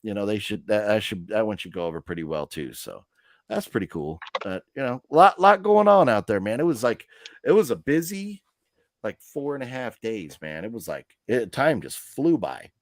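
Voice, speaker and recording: Low-voiced guy rambling through stories on a live stream, um and uh everywhere, dry close mic. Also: very animated, normal speed, no room sound. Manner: rambling, chatty storyteller with many fillers. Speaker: host of a live movie news stream. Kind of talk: casual chat.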